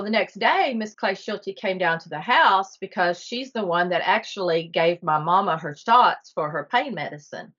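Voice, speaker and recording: A woman's voice: fairly low pitch, a bit bright. A middle-aged woman from Texas, a podcast guest telling a story earnestly and vividly, with small laughs. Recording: slightly muffled podcast audio.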